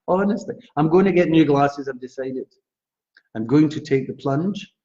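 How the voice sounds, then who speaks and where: Scottish male psychic host, chatty live stream, higher mellow voice, lo-fi sound. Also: measured pace. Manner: chatty, animated, addresses viewers by name. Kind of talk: live-stream readings chat. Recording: dull lo-fi livestream audio.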